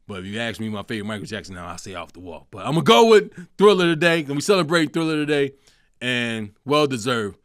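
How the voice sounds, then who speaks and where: A man, hosting a comedic solo talk show, animated and profane, breaking into sung snippets. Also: fairly low pitch, dry recording, clean studio sound. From Chicago. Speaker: host.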